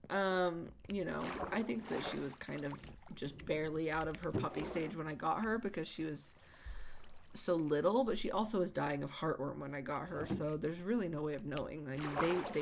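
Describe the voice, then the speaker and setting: A woman host chatting casually while she plays, halting with many fillers and restarts, often sighing. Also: low-pitched, gravelly. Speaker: channel host. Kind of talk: casual chat while gaming. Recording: audible background noise.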